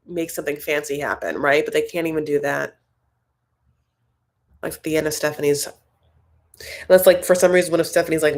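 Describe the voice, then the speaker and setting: A young woman chatting on a casual live stream from home, wandering from thought to thought and reading out comments as they come in. Her voice sits fairly low and has a gravelly, fry-laden edge. She talks loosely and conversationally, with lots of fillers. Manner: chatty, rambling, reads viewer comments aloud. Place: home, Los Angeles.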